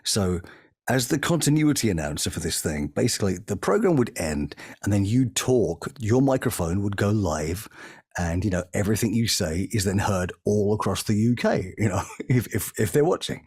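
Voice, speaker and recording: Husky-voiced man telling lively anecdotes. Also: lowish voice, moderate pace, dry recording, studio quality. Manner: animated, breaks into impressions mid-story. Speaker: voice actor guest. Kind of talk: anecdotal storytelling.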